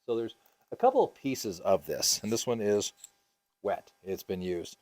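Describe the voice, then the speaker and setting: A man's voice: on the low side, animated, moderate pace, a little mellow. A man teaching a scuba diving class, casual and upbeat, with many ums and uhs, asking the class questions.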